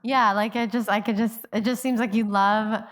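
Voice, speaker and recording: A woman's voice: on the high side, steady tone, a little fast. A woman hosting a podcast interview, affirming her guest and asking loose, chatty questions. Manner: friendly and affirming, frequent agreement and small laughs. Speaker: podcast host. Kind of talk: casual conversational interview.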